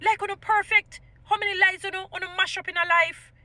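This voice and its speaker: A woman's voice: very high-pitched, steady tone, brisk, sharp tone, no echo. A Jamaican woman giving impassioned opinion commentary in a vlog, slipping into patois and often restarting her sentences. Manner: impassioned, mixes patois into English, many restarts. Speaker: vlogger.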